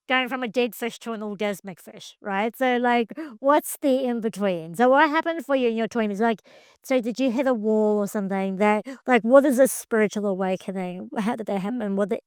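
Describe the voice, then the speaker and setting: A woman hosting a casual interview, asking blunt, playful, quick-fire questions. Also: on the high side, clear, resonant tone, no echo, studio quality. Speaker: podcast host.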